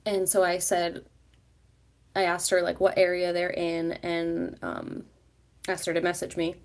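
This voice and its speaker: Woman vlogger, low, gravelly voice, rambling live-chat delivery full of fillers. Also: monotone, a little slow. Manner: rambling, chatty, many fillers.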